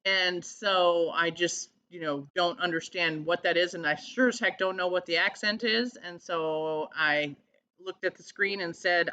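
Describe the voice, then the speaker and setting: A woman talking in a casual vlog, earnest and halting as she searches for words. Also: on the low side, steady tone, sharp tone. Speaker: vlogger. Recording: slightly dull lo-fi sound.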